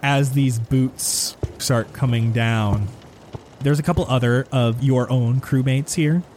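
A man running a tabletop game as game master, narrating in a steady, descriptive way. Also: medium pitch, slow pace, a little hiss or hum.

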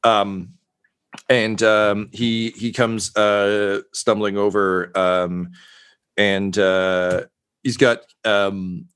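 A man's voice: fairly low pitch, little pitch movement, extremely slow, fairly bright tone, clear, resonant tone. A man narrating a tabletop game as game master, rambling with many fillers.

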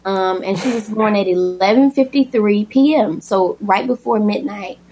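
A woman's voice: medium pitch, normal speed, a little hiss or hum, poor audio. A woman guest telling the story of her daughter's birth in a personal, emotional way. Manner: emotional, animated retelling with acted quotes.

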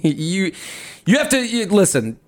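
Joking, animated man podcast co-host. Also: high-pitched, unhurried. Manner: joking, animated, laughs a lot. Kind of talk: casual podcast chat.

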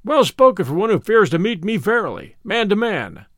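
A man reading as a bragging male champion fighter, loud swaggering taunts, high lively voice, dry sound. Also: normal speed, dry recording. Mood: taunting.

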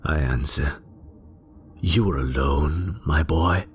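A male narrator giving a theatrical first-person story reading, lingering on words and dropping into hushed whispers. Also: rumbling low, slow pace, soft background music.

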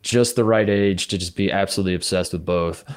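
A man's voice: deep voice, steady tone, brisk. A man in his thirties co-hosting a podcast, talking in a casual, joking, rambling way with many restarts. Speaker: podcast co-host. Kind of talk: casual chat.

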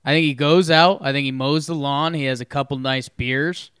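In a clean, dry studio recording, a male podcast co-host chats casually, playfully rambling as he spins a story. His voice is a little high, clear, resonant and fairly bright, with fairly even intonation at a moderate pace.

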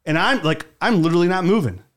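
Lively fast-talking man telling stories. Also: high voice. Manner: animated, acts out quotes. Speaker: podcast co-host. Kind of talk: casual storytelling chat.

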